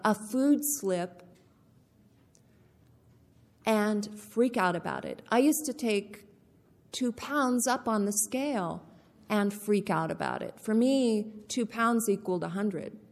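A woman tells her own story at an unhurried pace, plain and candid, and she repeats her key points for weight. Her mid-pitched voice carries a long reverb from a big meeting hall. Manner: candid, repeats key phrases, slow deliberate delivery. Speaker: speaker sharing her recovery story. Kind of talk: personal testimony talk.

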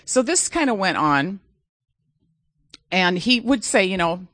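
Woman, middle-aged, personal storytelling, animated, dramatic, dry close sound. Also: medium pitch, slow, pauses often, no room sound. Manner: animated, dramatic, self-mocking.

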